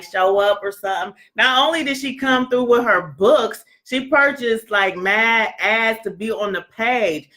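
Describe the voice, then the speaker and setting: A loud, chatty woman hosts a casual book club talk. She jokes, laughs often and slips into little acted-out voices as she walks through a website. Her pitch sits at an ordinary middle height. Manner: chatty, joking, acts out quoted voices. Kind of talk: casual chat presenting a website.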